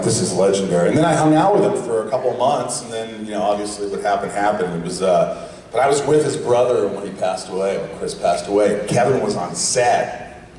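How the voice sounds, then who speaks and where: Hoarse man telling stories in echoey hall. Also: lowish voice. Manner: joking, loud bursts of impressions. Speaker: actor on a convention panel. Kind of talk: animated storytelling to a fan audience. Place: large convention hall. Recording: distant, echoey convention hall.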